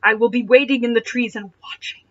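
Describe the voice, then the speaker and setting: A woman's voice: a little high, steady tone, fairly quick, pushed and bright, muffled recording. A woman voicing a wise, loyal male ranger who speaks in a solemn, declamatory way. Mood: earnest.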